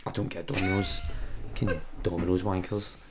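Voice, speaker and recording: Low-pitched and fairly quick, this male voice comes with a little hiss or hum. He's a Scottish podcast host telling travel stories in a casual, animated way, swearing freely throughout.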